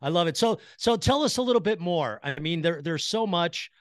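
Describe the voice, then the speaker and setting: A man with a slightly high voice hosts an interview podcast, gushing and excitable as he talks. He laughs often and repeats his phrases. The sound is dry and close. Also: fairly quick, no room sound. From Chicago. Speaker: podcast host. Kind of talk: enthusiastic interview chat.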